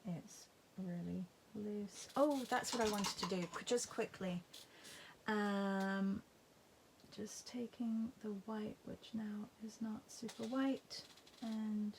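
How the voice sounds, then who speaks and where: A woman's voice: medium pitch, steady tone, takes it slowly, darkish tone, slight background noise. A woman teaching a live painting class, chatting and thinking aloud as she paints. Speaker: art teacher. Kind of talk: live painting demo, casual commentary.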